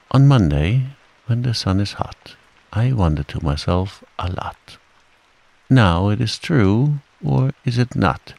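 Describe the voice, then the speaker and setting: Man voicing a mild simple-minded bear, storybook figure, earnest and hesitant, raised gravelly voice, slow. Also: on the low side, darkish tone, full character voice. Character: gentle, simple-minded young male bear.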